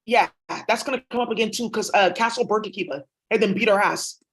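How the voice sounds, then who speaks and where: A woman's voice: medium pitch, fairly quick. A woman vlogger talking in a rambling, blunt, profane monologue. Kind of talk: casual monologue.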